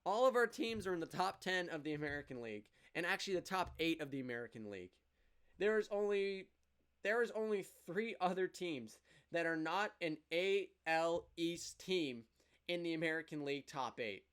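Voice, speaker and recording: A man with a slightly high voice hosts his own casual fan show, recapping games and sharing opinions. He sounds excitable, rattling through stats with big rises and dips in energy. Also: moderate pace, smooth.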